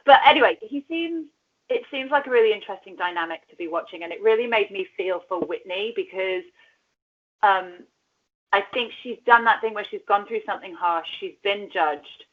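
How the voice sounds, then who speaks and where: A woman's voice: mid-range voice, moderate pace. A woman co-hosting a podcast, chatting casually about reality TV, laughing often and cursing now and then. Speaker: podcast co-host. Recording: dull lo-fi sound.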